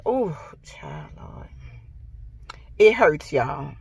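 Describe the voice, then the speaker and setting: Slow, low-voiced woman vlogger. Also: a bit bright. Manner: emphatic, chatty, talks straight to viewers. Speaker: home decorating channel host. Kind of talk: casual personal vlog to viewers.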